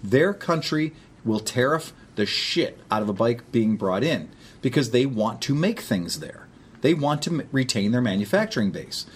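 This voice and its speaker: Male podcast host with a husky voice and animated delivery, casual and profane. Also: medium pitch, moderate pace. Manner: animated storyteller, swears freely. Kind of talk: casual chat.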